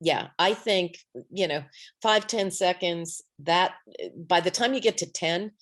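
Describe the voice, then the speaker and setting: A woman co-host with a somewhat low voice, chatting in a playful, easygoing way. She laughs often and tells her stories with relaxed, conversational energy. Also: measured pace. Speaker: podcast co-host. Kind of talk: casual chat.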